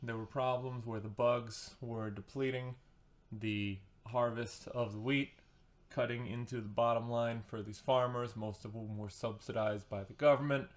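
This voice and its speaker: A man's voice: mid-range voice, steady tone, moderate pace. A man giving a casual, sarcastic and rambling book review as a vlogger, with comic asides.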